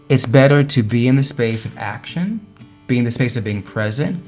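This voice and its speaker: A man's voice: mid-range voice, lively intonation, moderate pace, darkish tone, soft background music. A man earnestly talking through personal affirmations in a motivational vlog, encouraging and emphatic. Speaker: vlogger sharing affirmations. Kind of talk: motivational talk to camera.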